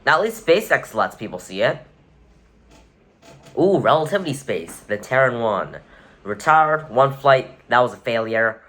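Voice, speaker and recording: A man talks through a ranking in an offhand, conversational way, tossing in dry sarcastic remarks and correcting himself mid-sentence. His pitch sits at an ordinary middle level for a man, with nothing unusual in the tone. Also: big pitch swings, a little slow, fairly bright tone. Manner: wry, offhand, sarcastic asides; rambling with self-corrections. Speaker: vlogger rating rockets. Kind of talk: casual tier-list commentary.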